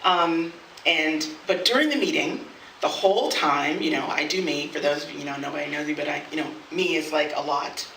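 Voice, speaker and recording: A woman performing a personal story live on stage, animated and quick to laugh, acting out the voices of others. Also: low voice, slight background noise. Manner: animated, laughs often, acts out quoted voices. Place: studio event space with audience. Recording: echoey room, voice from a distance.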